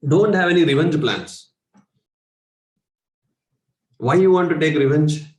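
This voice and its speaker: At a spiritual workshop, a meditation coach with an Indian English accent talks in a conversational manner full of rhetorical questions and chuckles. His voice is fairly high, a little slow, and darkish in tone, recorded in an echoey room.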